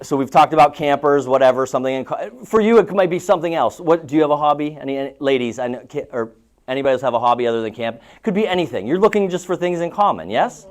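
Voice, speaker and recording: A man coaching real estate agents at a live seminar, telling stories in a chatty way and asking the audience questions. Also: a little high. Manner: chatty storytelling, asks the room questions.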